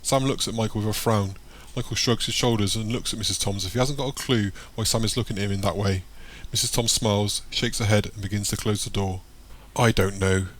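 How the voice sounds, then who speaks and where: A man narrating an audiobook in a plain, steady reading voice. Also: lowish voice, quick pace, slight background noise.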